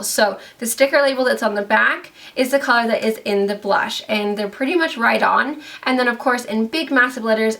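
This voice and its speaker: A woman's voice: on the high side, gravelly, fairly bright tone. A young woman vlogger chatting casually through a beauty product review, full of "like" and "um". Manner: chatty, lots of "like" and "um" fillers.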